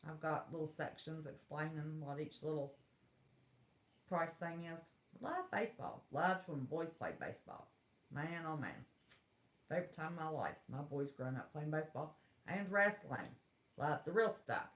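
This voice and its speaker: A woman's voice: low-pitched, lively intonation, normal speed. Exasperated woman livestreaming. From West Virginia. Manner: exasperated, folksy, blunt. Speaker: livestream host. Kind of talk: casual live chat rant. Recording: echoey room.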